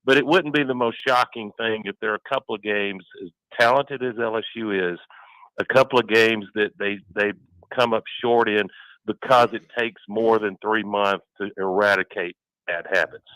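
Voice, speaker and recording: A man's voice: fairly low pitch, fairly even intonation, moderate pace, a bit bright, no echo, rough recording. A man co-hosting sports radio in casual talk, analytical and fond of building vivid game scenarios.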